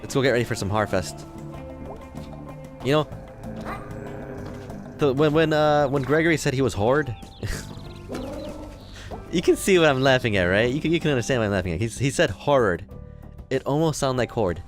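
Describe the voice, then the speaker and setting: Faint music sits behind a young Midwesterner from Chicago who hosts a let's play, casually joking and talking back to game characters as he plays. His voice is medium-pitched with lively intonation, fairly quick, and broken by frequent pauses.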